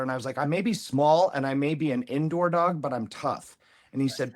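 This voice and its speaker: A man's voice: fairly high pitch, brisk. A man hosting a casual chat, enthusiastic as he retells his own audition. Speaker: host, former contestant.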